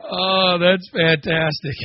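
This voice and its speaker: A man's voice: high voice, flat delivery, takes it slowly, no echo, lo-fi sound. A man on a podcast telling a story in a casual chat, acting out the quoted lines and laughing as he goes. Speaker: podcast co-host.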